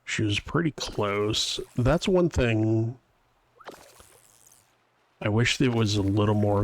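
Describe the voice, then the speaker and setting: A man's voice: sits low, no room sound. A man streaming a video game live, chatting casually and rambling to his viewers as he plays. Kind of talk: casual live-stream chat while playing.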